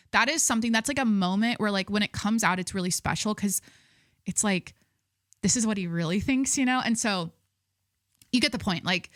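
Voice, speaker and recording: A woman's voice: mid-range voice, a bit bright, no echo, clean studio sound. A young adult woman hosting a podcast in casual, rambling chat, full of "like" and restarts. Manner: rambling, filler-heavy, self-interrupting. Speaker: podcast host.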